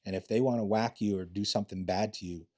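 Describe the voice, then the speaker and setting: Middle-aged guy, retired detective, cussing through his stories, mellow relaxed tone. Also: lowish voice, fast talker. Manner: blunt and profane, acts out quotes in other voices. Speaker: retired homicide detective, podcast guest. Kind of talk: casual storytelling interview.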